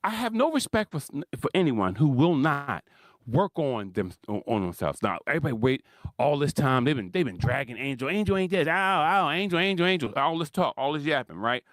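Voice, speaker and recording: A man's voice: medium pitch, big pitch swings, a little fast, no room sound, clean studio sound. A man hosting his own sports commentary, ranting his opinions with frequent laughs and repeated points for emphasis. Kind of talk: opinionated solo sports rant.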